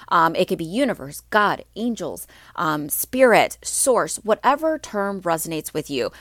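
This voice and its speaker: A woman's voice: low voice, expressive, moderate pace, fairly bright tone, dry recording, studio quality. A woman hosting a casual solo podcast as a mindset coach, upbeat and chatty with lots of ums, her voice a little stuffy. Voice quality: slightly stuffy, clearing her throat.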